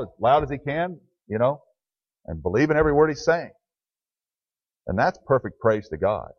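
A pastor delivers a conversational sermon in church, talking plainly and answering the questions he poses to his congregation. His voice sits at a medium pitch with no echo, and the recording is dry, dull and lo-fi.

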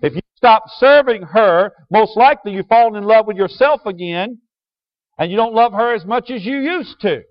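A man preaching a sermon to a congregation, asking them questions and switching from loud emphasis to quiet asides. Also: high voice, lively intonation, moderate pace. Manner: call-and-response questions to the congregation. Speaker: pastor. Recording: dull lo-fi sound.

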